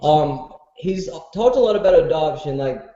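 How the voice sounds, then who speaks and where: A man's voice: on the high side, expressive, normal speed, dark tone, echoey room, muffled recording. A man chatting casually in a rambling, hedging way that trails off. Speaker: panel guest. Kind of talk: casual group chat.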